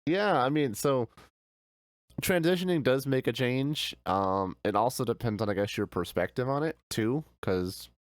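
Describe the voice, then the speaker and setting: A man's voice: medium pitch, moderate pace, dry recording, studio quality. A man streaming a game, chatting casually and easygoing, answering his chat with frequent laughs.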